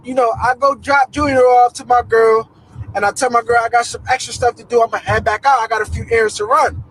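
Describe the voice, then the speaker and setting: High voiced guy telling a storytime, slangy, acting out the quotes. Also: steady tone, brisk, fairly bright tone, a little hiss or hum, rough recording. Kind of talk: casual storytime.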